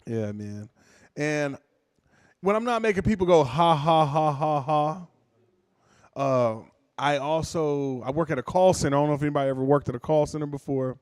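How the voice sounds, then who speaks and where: A man's voice: fairly high pitch, brisk, clean tone, dry recording, clean studio sound. A man doing a stand-up comedy set, telling stories casually and acting out voices. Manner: casual, animated storytelling with character voices.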